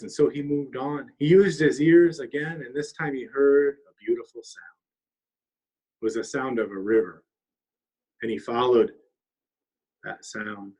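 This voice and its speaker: A man telling a traditional trickster story aloud, lively and weaving in Abenaki words. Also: medium pitch, husky, poor audio. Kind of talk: oral storytelling. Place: longhouse.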